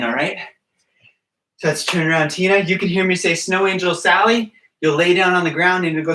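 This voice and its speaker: A man's voice: a little high, moderate pace, bright, forceful tone, recorded from a distance, a little hiss or hum. A young adult man leading a gymnastics class for young children in an upbeat, coaxing way, often checking in with "all right?". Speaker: gymnastics coach. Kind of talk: online kids' exercise class. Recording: echoey room, away from the mic.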